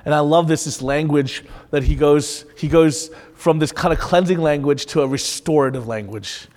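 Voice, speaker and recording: A man preaching a sermon in a conversational, animated way, often restarting his sentences. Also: on the high side, normal speed, big-room sound. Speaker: pastor.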